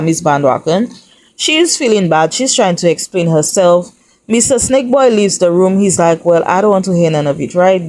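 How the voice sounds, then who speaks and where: A woman's voice: fairly low pitch, darkish tone. A woman hosting a reality TV recap, talking to viewers in a sassy, chatty way. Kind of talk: casual recap commentary.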